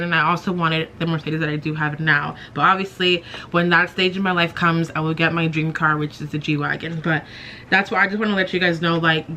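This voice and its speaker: Young woman vlogging, chatty and self-mocking, bright lowish voice, says like a lot. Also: slight background noise. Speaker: beauty vlogger. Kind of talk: casual storytelling to camera.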